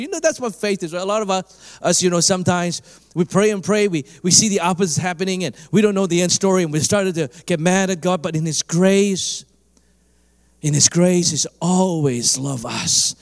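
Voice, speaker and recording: A middle-aged man preaching a sermon as a pastor, telling a story in an animated way and acting out the voices in it. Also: normal speed. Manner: animated storytelling, acts out dialogue with big pitch jumps.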